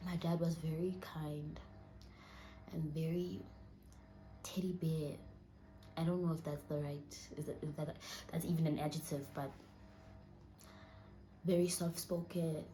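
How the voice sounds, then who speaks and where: Young southern african woman, deep mellow voice, fighting tears, slips into whispers. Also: little pitch movement, unhurried, long pauses, slight background noise. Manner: emotional, often dropping to a near whisper. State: holding back tears. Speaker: vlogger. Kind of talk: sit-down personal storytelling. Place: indoors, seated.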